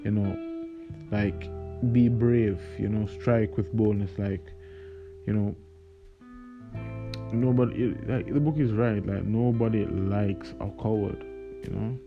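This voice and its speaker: Young guy from jamaica, lowish voice, lots of "you know", dull recording w guitar behind. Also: unhurried, gravelly, pauses often. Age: young adult. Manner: hesitant, many fillers. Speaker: podcast host. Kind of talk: casual spoken reflection with readings. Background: plucked guitar music.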